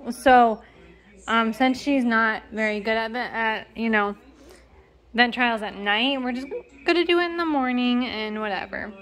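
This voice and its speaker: A woman's voice: fairly high pitch, unhurried, fairly bright tone. A young woman giving a casual home vlog update, rambling with lots of fillers and restarts, and she has the hiccups. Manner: rambling, filler-heavy, self-correcting. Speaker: parent vlogger.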